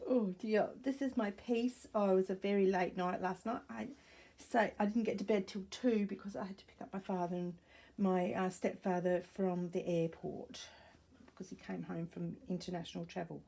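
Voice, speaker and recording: In a relaxed crafting vlog filmed by a nearby camera in her wooden-floored room at home, an Australian sewing crafter rambles, thinks aloud and corrects herself. She speaks at normal speed with a medium-pitched, creaky, warm voice and fairly even intonation.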